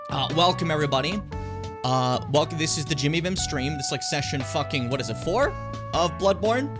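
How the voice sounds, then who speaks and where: A young man hosting his own gaming stream from home, chatting casually with swearing and self-mocking asides. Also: medium pitch. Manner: rambling, self-mocking, frequent swearing and fillers.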